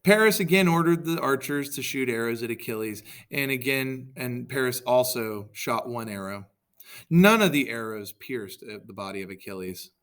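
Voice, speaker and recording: A man's voice: medium pitch, animated, normal speed, fairly bright tone. A man reading a story aloud in a casual way, with stumbles, self-corrections and joking asides. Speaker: reader.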